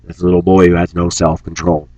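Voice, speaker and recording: A man's voice: monotone, fast, dark tone, dry recording, dull audio. A man delivering an angry, preachy rant on his vlog, scornful and sarcastic. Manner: mocks opponents in shrill put-on voices. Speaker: vlogger.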